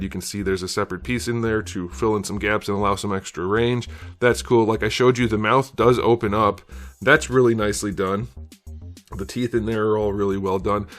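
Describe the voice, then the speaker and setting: Guy doing a toy review, lowish voice, bit breathless from being sick, laid back and rambly, faint music behind. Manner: relaxed, rambling with fillers and hedges. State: out of breath from illness. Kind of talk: casual product review.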